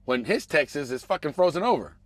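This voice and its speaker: A man hosting a podcast. He rants casually and profanely about politics, muttering one moment and shouting the next. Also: a little high, a little fast, no echo. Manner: animated, profane, swings between mumbling asides and raised outbursts. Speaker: podcast host.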